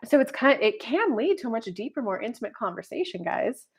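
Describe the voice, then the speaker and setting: A woman tarot reader and life coach talks casually to her viewers. Her voice sits somewhat high, and she rambles in a chatty way with plenty of filler words. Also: sing-song, a little fast, slightly rough. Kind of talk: casual horoscope video monologue.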